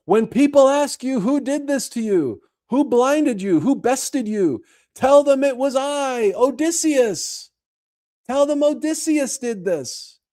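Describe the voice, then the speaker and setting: A man's voice: very high voice, lively intonation, slow, warm tone, pitched above the performer's own voice, exaggerated voice. A man voicing a boastful male hero who taunts his defeated foe in a proud, declaiming way.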